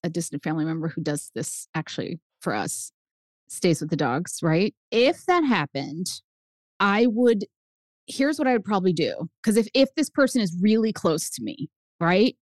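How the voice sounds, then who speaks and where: A woman guest on a podcast, telling stories in a lively, animated way and acting out the voices she quotes. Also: on the low side, moderate pace, no room sound. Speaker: guest author. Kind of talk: casual chat.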